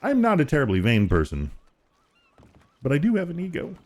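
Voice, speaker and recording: A man's voice: fairly high pitch, huge pitch swings, brisk. A man streaming a game and chatting casually, joking and swapping into silly voices. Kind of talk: casual gaming stream chat.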